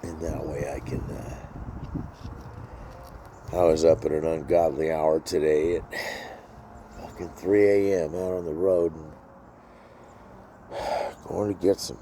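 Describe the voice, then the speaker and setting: Deep-voiced weary man in his sixties. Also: little pitch movement, slow pace, pauses often, mellow, a little hiss or hum. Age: 60s. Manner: blunt, profane, weary. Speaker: vlogger. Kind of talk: rambling personal vlog. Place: outdoors.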